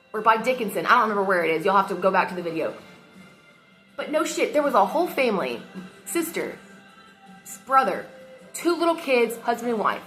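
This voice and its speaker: A woman's voice: on the high side, fairly bright tone. A woman venting heatedly into her phone camera, swearing often as she talks. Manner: heated and emotional, frequent swearing. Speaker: vlogger. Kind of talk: casual rant to camera.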